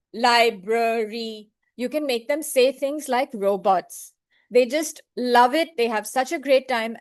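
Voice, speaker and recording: A woman's voice: fairly high pitch, a little mellow. A woman training librarians in an online webinar, speaking patiently and sounding out words syllable by syllable. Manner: slow, patient, clapping out syllables.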